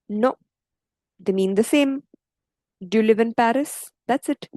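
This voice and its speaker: Slow, patient woman teaching French grammar. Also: a little high, a little mellow, dry recording, rough recording. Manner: slow, patient, checks in with "okay" and "yes". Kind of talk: explaining grammar with examples.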